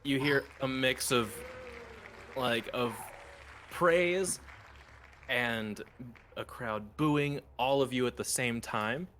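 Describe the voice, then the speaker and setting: A man running a tabletop game as game master, narrating in a halting way with many fillers. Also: medium pitch, fairly bright tone, a little hiss or hum.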